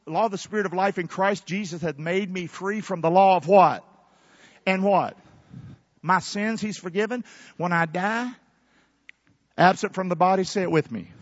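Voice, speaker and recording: A man preaching a fervent sermon in a church, shouting call-and-response lines to the congregation. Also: a little high, dry recording, highs cut off. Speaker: pastor. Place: church sanctuary.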